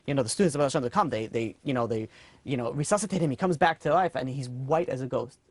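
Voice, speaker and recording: A man, a rabbi, telling a moral story in a sermon, earnest and animated with casual fillers. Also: mid-range voice, fast, no echo. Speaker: rabbi teaching a class.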